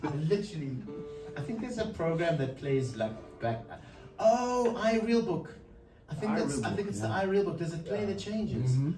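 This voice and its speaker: Between songs at a live show, a musician introduces a song by telling a story, speaking loosely and chuckling often. His voice is a little high, very animated and fairly quick, with music in the background and a roomy, distant live sound.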